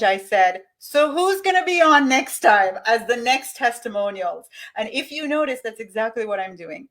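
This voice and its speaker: A woman hosting a live money-mindset coaching session, talking straight to her viewers in an enthusiastic, motivational way. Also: mid-range voice.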